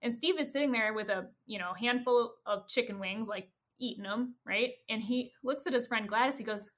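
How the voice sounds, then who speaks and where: A woman podcast host retelling a story in a casual, animated way, acting out the quoted lines. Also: a little high, moderate pace.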